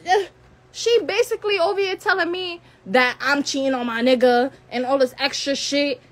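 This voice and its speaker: A young woman of eighteen with a high voice vents on a live stream. She circles back to the same defiant lines again and again and curses freely. When her anger peaks, she stumbles over her words. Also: normal speed, a bit bright. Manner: heated, profane, repeats phrases, stutters when upset. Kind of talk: angry rant on a live stream.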